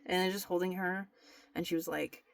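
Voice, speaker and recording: A woman's voice: on the low side, fairly even intonation, fairly quick, gravelly, no echo. A young woman in a candid, confessional vlog, talking straight to her camera with many restarts and fillers. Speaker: vlogger. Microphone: camera mic.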